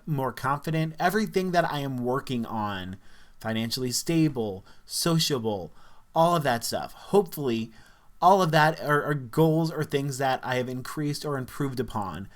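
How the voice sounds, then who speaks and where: A man, talking earnestly and reflectively to camera in a casual vlog, with frequent fillers. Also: medium pitch. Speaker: vlogger.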